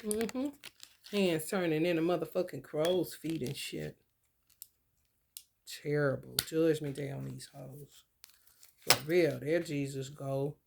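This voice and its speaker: A woman's voice: sits low, slow pace, gravelly, pauses often, heavy background noise. A woman who reads tarot, ranting in a casual spiritual vlog with blunt, emphatic and profane speech.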